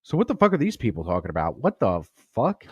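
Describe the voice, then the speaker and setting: A man's voice: fairly low pitch, wildly swooping pitch, quick pace, husky, dry recording, muffled recording. A man hosting a comedy podcast, telling a crude story in a profane, rambling way and laughing at his own jokes. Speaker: podcast host.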